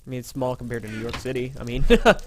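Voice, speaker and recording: This gaming commentator from Indiana talks very fast at a medium pitch with fairly even intonation. Tired and yawning after little sleep, he rambles and mocks himself during casual let's-play chat, with slight background noise.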